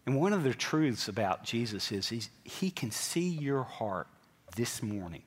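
A pastor preaching a sermon in a church, talking in an animated way and putting direct questions to his congregation. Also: medium pitch, measured pace, husky. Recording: long hall reverb.

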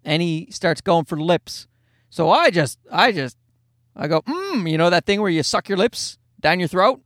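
A man's voice: high-pitched, normal speed, a bit bright, no echo, clean studio sound. A man, a father, casually telling a rambling, self-mocking anecdote in a jokey monologue.

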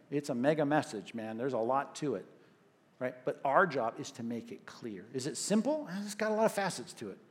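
A man preaching a sermon in an animated, conversational way, often checking in with "right?". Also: medium pitch, husky. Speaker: pastor.

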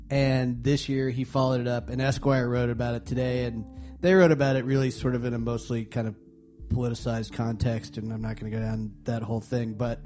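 A man's voice: medium pitch, dark tone. Easygoing man introducing a track. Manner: loose, rambling, with fillers. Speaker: podcast co-host. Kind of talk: casual music chat.

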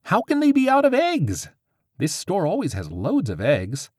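A man doing a squeaky exasperated young witch. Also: lively intonation, normal speed, dark tone, no room sound, studio quality. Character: frustrated young woman witch.

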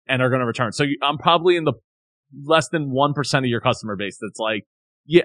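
A man's voice: medium pitch, fairly bright tone, no echo. A man co-hosting a casual talk show, ranting animatedly about a company's return policy and mock-quoting its staff. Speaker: podcast co-host. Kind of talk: casual chat, telling a complaint story.

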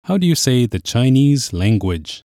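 A man's voice: medium pitch, big pitch swings, moderate pace, mellow, no room sound, clean studio sound. A man teaching a podcast language lesson, explaining patiently step by step.

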